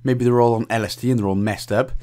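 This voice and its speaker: A man's voice: medium pitch, steady tone, quick pace, mellow. A young man with a Welsh accent talks through a game walkthrough in a chatty, cheeky way, joking and laughing as he plays. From Wales. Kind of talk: casual gameplay commentary.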